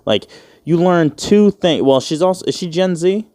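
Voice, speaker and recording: With a slightly high, warm voice, expressive at normal speed, a man in his twenties hosts a one-person podcast. He's casual and rambling, joking, swearing often and acting out quotes. There is no echo.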